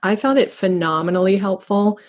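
A woman in her fifties hosting a podcast over a remote call, enthusiastic and quick to laugh. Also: mid-range voice, slight background noise. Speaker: podcast host. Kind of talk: casual interview chat. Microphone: remote call recording.

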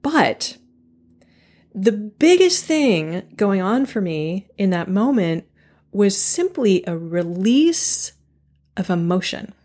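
Woman podcast host, candid reflective solo talk, slow delivery with a lively pitch. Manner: candid, thoughtful, often pausing and restarting; laughs at herself now and then.

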